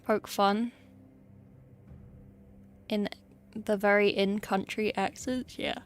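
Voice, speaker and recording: A woman's voice: medium pitch, little pitch movement, slow. Wry chatty English streamer woman. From England. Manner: chatty, wry, talks to chat while working. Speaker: streamer painting miniatures. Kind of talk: casual livestream chat. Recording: faint music behind.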